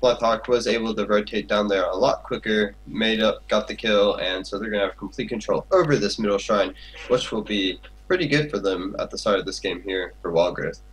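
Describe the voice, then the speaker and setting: Husky low-voiced male esports caster. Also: fairly quick, poor audio. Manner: steady play-by-play narration. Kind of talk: live game commentary.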